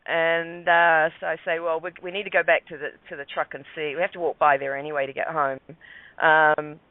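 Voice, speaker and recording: Man, higher voice, rambling radio-guest story over a dry phone line. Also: flat delivery, fairly quick, dry recording. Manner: rambling, many fillers and restarts. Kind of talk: casual storytelling.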